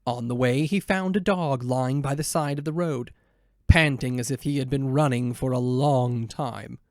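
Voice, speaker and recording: A man reading a children's storybook aloud in a gentle, measured way. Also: medium pitch, no room sound, clean studio sound. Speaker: narrator.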